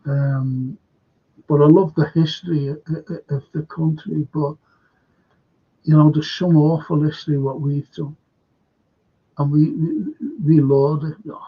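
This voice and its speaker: A man's voice: a little high, steady tone, measured pace, long pauses, breathy edge, muffled recording. A man with a Scouse accent from Liverpool, hosting a livestream in a blunt, rambling monologue full of restarts and swearing. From Liverpool, England. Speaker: livestream host.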